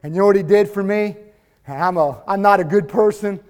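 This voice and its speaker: A man's voice: high-pitched, a little fast, darkish tone, smooth, close to an everyday voice. A man playing the apostle Paul in a sermon, an earnest jailed man testifying. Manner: earnest, confessional.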